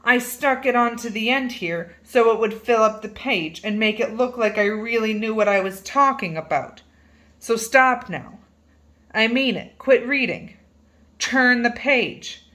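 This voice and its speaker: A woman reading a children's picture book aloud in a playful, animated way, stretching words for emphasis. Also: fairly high pitch, a little slow. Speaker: reader.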